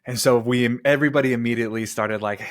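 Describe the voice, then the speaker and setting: A man in his thirties, a podcast guest, telling a personal story in an earnest, animated way with casual fillers. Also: mid-range voice, fast talker.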